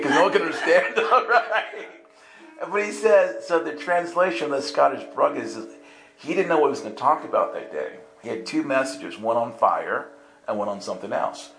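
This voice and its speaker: A man's voice: mid-range voice, fairly quick, creaky. A man preaching in a storytelling way, acting out the dialogue and laughing through the story, recorded in an echoey room. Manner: animated, acts out voices and laughs through the story. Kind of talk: storytelling sermon. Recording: echoey room with music underneath. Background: soft instrumental music.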